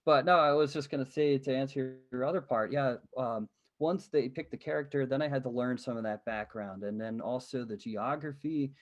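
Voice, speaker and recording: Animated male guest telling stories. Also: mid-range voice, normal speed. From Pennsylvania, USA. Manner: animated, laughs often, many fillers like "um". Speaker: podcast guest, living-history interpreter. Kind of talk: casual storytelling in an interview.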